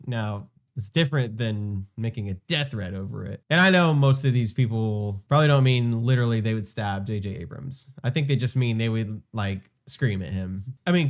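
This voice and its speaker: An earnest man talking through his reaction in a loose, conversational way. He pauses often with fillers and restarts, and his pitch sits in the middle of the range. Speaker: YouTube commentator. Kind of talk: reaction commentary.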